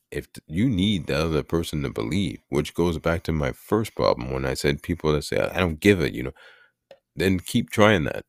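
A man with an extremely low, deep voice hosts his own podcast, speaking. He rambles through his opinions with an irritated edge, often restarting sentences. The sound is dry and close, with no room echo. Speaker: podcast host. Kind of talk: casual opinion monologue.

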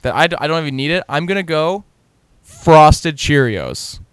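A man's voice: fairly high pitch, lively intonation, normal speed, smooth, dry recording. A man in casual banter with friends, teasing and mocking the others.

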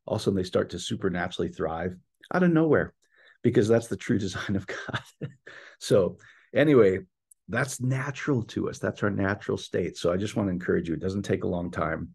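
A man giving an informal, earnest faith talk, speaking directly to his listeners with quick repetitions and restarts. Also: deep voice, vocal fry, darkish tone, husky. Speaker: Christian teacher.

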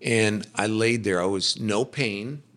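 Man, middle-aged, podcast guest, faith testimony, forceful, animated storytelling. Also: lowish voice, slow pace. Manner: animated storyteller, acts out quoted speech. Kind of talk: personal faith testimony in casual conversation.

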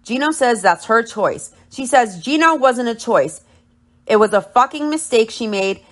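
A woman's voice: a little high, animated, moderate pace. A woman hosting a podcast, recapping and commenting on a reality show in a blunt, opinionated way and swearing freely. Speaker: podcast host.

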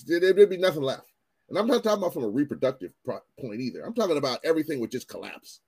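A man in loose, rambling commentary, his fairly high voice swinging up and down with lively emphasis. He talks in a profane, heated rush, stumbling into repeated restarts. The sound is close and dry, with no room around it. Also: racing, slightly rough, dry recording. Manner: animated, profane, repetitive restarts. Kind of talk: casual ranting commentary.

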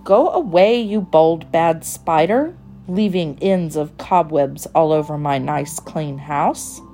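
A woman's voice: mid-range voice, very animated, a little slow, mellow, faint music behind. A woman voicing a fussy, very particular little female mouse, prim and proper in manner. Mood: cross.

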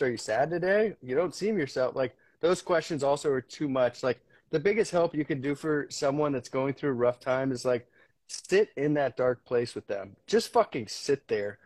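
A man's voice: mid-range voice, darkish tone, no room sound. A man as a podcast guest, talking candidly with frequent restarts, casual swearing and earnest storytelling. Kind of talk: candid conversation.

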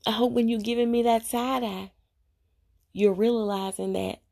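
A woman's voice: a little high, fairly even intonation, unhurried, gravelly, dark tone. A woman speaking earnestly and preachily, straight to her viewers in a confessional devotional talk about her faith. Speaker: Christian vlogger sharing her faith journey.

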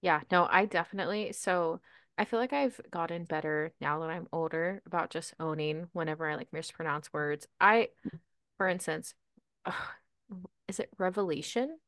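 A woman co-hosting a casual podcast chat, talking in a chatty, animated way with frequent "like"s. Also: deep voice, moderate pace, clear, resonant tone, dry recording, clean studio sound. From Latina, grew up bilingual in Spanish and English. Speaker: podcast co-host.

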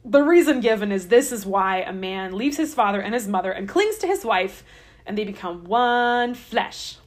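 A woman's voice: mid-range voice, lively intonation, moderate pace. A woman hosting a podcast, retelling scripture in a chatty, irreverent way with wry asides. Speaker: podcast host. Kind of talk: casual comic scripture retelling.

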